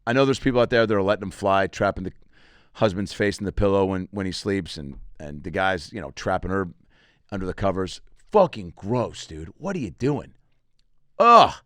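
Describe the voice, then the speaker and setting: Here a podcast-hosting comedian speaks low and brisk with plenty of expression, in a studio-quality recording free of echo. It's a loose, crude monologue where he plugs his shows and tosses off jokes along the way.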